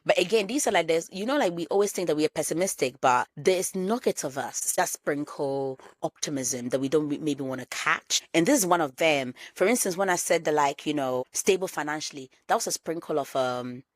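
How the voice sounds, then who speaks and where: A woman's voice: low voice, a little fast, few pauses, no room sound. A woman in her thirties hosting a solo podcast, reflecting candidly and repeating phrases for emphasis. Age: 30s. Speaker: podcast host.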